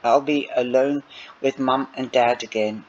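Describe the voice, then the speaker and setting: A man's voice: medium pitch, fairly even intonation, measured pace. A man reading a novel aloud and breaking off for chatty asides to his listeners, in a dull lo-fi recording. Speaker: audiobook reader. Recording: dull lo-fi recording with faint noise.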